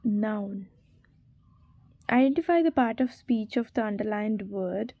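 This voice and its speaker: A woman's voice: mid-range voice, a little slow, no echo, highs cut off. A woman reading exam quiz questions and answers aloud, spelling words out letter by letter. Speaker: exam revision narrator.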